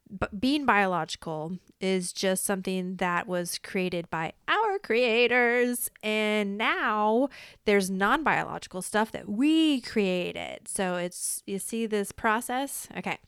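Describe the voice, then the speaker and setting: Woman podcast host, casual chat, cursing and laughing, smooth clear voice, dry close sound. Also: medium pitch, fairly bright tone, no room sound. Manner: swearing, laughing, reacting with mock alarm; bursts of quick talk. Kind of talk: casual podcast chat, reading AI answers aloud.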